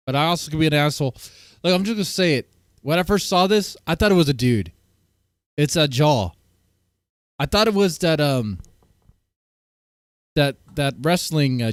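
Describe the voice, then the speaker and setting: A man's voice: on the high side, smooth, no room sound, clean studio sound. A man streaming casually, reacting to clips in a blunt, rambling way and often breaking off mid-sentence. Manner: blunt, rambling, self-interrupting. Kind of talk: casual chat.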